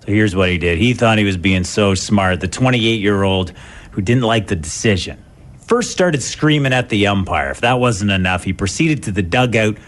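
Male morning radio co-host, lower voice, pitch jumps all over, jokey and animated. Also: normal speed. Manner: animated, laughs at his own jokes. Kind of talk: joking morning radio banter.

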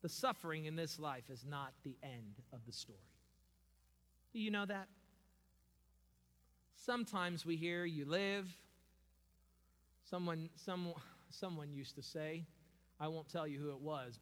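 Pastor guy preaching, bright forceful voice, big echoey hall. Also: on the high side. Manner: emphatic preaching with rising, slowed emphasis. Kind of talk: sermon. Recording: long hall reverb.

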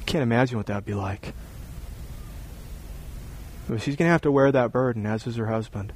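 A man's voice: mid-range voice, moderate pace, a little hiss or hum, rough recording. A man preaching a sermon as a pastor, joking and acting out scenes as he talks. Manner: animated, joking, acts out scenes.

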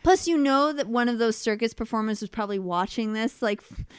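A woman's voice: a little high, fairly quick, clean tone, no echo, studio quality. A woman co-hosting a casual podcast chat, wry and giggly, who now and then acts out quoted lines. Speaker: podcast co-host.

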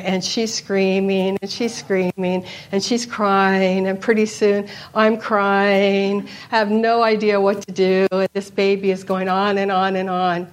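A woman speaking to a gathering, sharing a personal testimony. She tells the story in an animated way and repeats phrases for emphasis. Her voice sits at a middle pitch, and she speaks into a mic in front of her listeners. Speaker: speaker at a Christian retreat.

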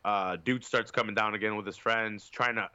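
A man's voice: on the low side, fairly even intonation, normal speed, bright, forceful tone, smooth, dry recording, lo-fi sound. A man on a podcast telling a long, profane, rambling story in casual chat, with lots of fillers. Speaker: podcast co-host.

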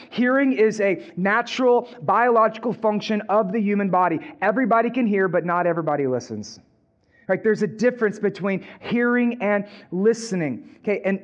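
A man's voice: high-pitched, lo-fi sound. A male pastor preaching a sermon in a casual, conversational way, repeating and restarting phrases.

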